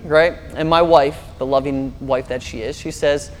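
A man preaching a sermon as pastor, telling a story in a lively, animated way. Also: on the high side, measured pace, few pauses, in a large hall.

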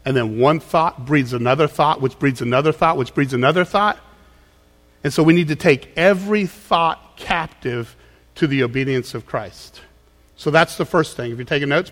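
A man's voice: fairly high pitch, a bit bright. A man preaching a sermon as pastor, conversational, acting out quoted voices. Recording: long hall reverb.

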